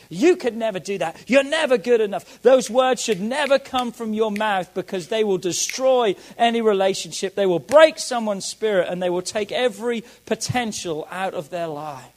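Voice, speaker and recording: A man preaching a sermon as a pastor, emphatic and repeating key phrases, swinging between loud declarations and soft asides. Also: high voice, moderate pace, hardly any pauses, low-quality recording.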